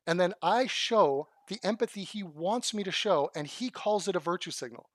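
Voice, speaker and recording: A man's voice: high-pitched, lively intonation, normal speed, hardly any pauses, no echo, clean studio sound. Sarcastic, blunt commentator man. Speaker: commentator reacting to video clips. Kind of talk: combative commentary.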